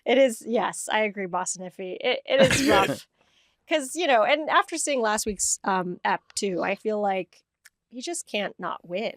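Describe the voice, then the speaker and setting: Podcast host, woman, bright and giggly, dry studio sound. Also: medium pitch, expressive, moderate pace, dry recording. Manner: laughs often, upbeat. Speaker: host and commissioner. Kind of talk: casual podcast chat.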